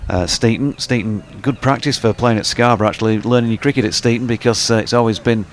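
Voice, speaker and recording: A man's voice: medium pitch, fairly even intonation, fast talker, a little hiss or hum. A man co-commentating on a live cricket match, adding background and wry, dry stories alongside the play.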